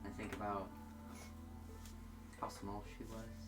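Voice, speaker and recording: A man playing a tabletop role-playing game, speaking softly and hesitantly about his character. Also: lowish voice, little pitch movement, slow pace, music in the background. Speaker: player. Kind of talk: casual tabletop role-play chat.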